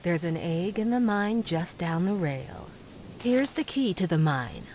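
A matter-of-fact video game quest-giver lays out the mission in a calm, measured tone. Her voice sits a little low, with faint game ambience behind it. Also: a little hiss or hum. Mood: briefing. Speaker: game character briefing the player.

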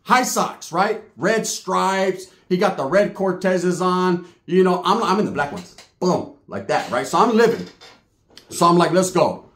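Brief: high-pitched male comic storyteller, slangy and profane, recorded in an echoey room. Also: expressive, unhurried, a bit bright. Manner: slangy, profane, punchy asides. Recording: roomy echo.

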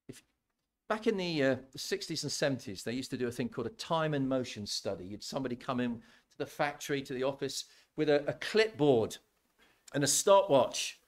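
A man preaching a sermon in a church, conversational and animated, often repeating words as he builds his points. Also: mid-range voice, a little fast.

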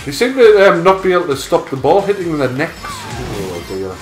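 Brief: young gamer, dry crude banter, high-ish voice, roomy mix with game music. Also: male voice, big pitch swings, moderate pace. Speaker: gamer and channel regular. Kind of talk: casual gaming banter. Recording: echoey room with loud game music.

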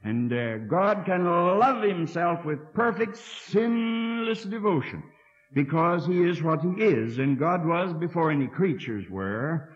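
A man's voice: fairly high pitch, animated, slow. A man in his sixties preaching a sermon in a college hall, folksy and earnest, with dry asides and words repeated as he thinks. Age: 60s. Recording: dull lo-fi archive tape from 1960.

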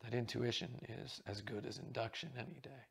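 A man reading as a booming, jovial stage actor. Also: fairly even intonation, fairly quick, gravelly, slight background noise, natural voice. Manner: breezy, booming and theatrical.

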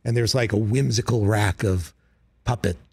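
A man, a comedy writer and guest, telling stories casually in a radio studio, animated, with quick asides and acted-out quotes. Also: fairly low pitch, creaky, breathy edge, no echo. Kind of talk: casual interview storytelling.

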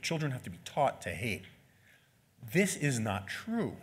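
A man's voice: fairly high pitch, lively intonation, moderate pace, a bit bright, husky. A man in his forties giving an unscripted talk as an author, with wry asides and frequent "right?" tags. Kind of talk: speaking at an event. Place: lecture venue.

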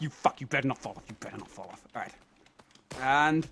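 A young man giving gaming commentary, exasperated, swearing and shouting at the game as he plays. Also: a little high, expressive, normal speed, vocal fry, pauses often, husky. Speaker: gaming video host.

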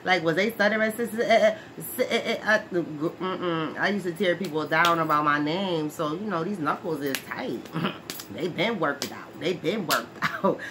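A woman's voice: low voice, measured pace. A woman playing a brash, streetwise former brawler who is touchy about her name, in a comedy skit monologue. She talks in slang, laughs often and keeps asking "right?". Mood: chatty. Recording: noisy background hiss.

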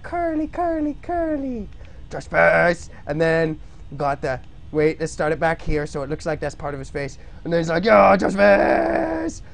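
Goofy gravelly live streamer man. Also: a little high. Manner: goofy, loud outbursts, self-amused. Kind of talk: casual gameplay stream chatter.

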